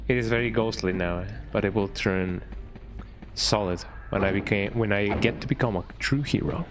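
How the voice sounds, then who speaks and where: Low-voiced chatty streamer man. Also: normal speed. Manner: chatty, tags lines with "eh". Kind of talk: casual let's-play commentary. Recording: game music behind voice.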